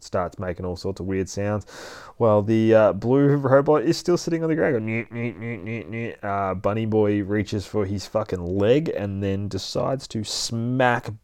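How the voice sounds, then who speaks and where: A man's voice: on the low side, normal speed, dark tone, smooth, dry recording, studio quality. A man hosting a comic book podcast, recapping a comic in a casual, profane, chatty way and adding his own sound effects. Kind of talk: casual comic read-through.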